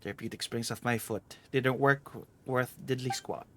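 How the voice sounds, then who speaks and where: A man's voice: medium pitch, steady tone, normal speed, a little hiss or hum, lightly acted. A man reading the lines of a teasing, vain aging female treasure hunter aloud while streaming a game.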